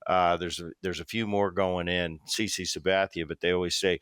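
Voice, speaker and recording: Man, podcast host, casual interview chat, somewhat low voice, dry studio sound. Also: brisk, few pauses, clean tone, no echo. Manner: storytelling, animated quoting.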